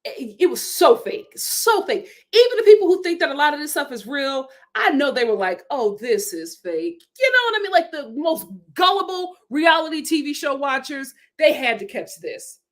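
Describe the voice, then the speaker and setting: A woman hosting a casual vlog review, animated and sassy, often laughing. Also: high voice, moderate pace, few pauses. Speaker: vlog host reviewing a reality show.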